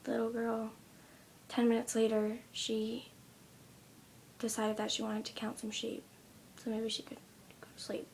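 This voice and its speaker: A young woman in her teens retelling a story in a casual vlog, speaking softly and often near a whisper, with many ums. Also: fairly high pitch, completely flat delivery, measured pace, vocal fry, a little hiss or hum. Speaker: vlogger.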